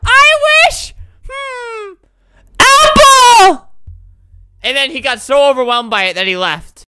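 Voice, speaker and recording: A young woman giving playful gameplay commentary, swinging into loud squealing excitement. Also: fairly high pitch. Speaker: Roblox gaming YouTuber.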